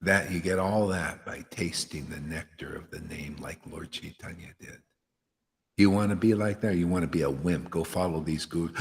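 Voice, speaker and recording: A man's voice: low voice, fairly even intonation, normal speed, gravelly. A man giving an impassioned devotional sermon as a spiritual teacher, blunt and fiery, dropping slang like "man". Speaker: spiritual teacher leading satsang. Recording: long hall reverb.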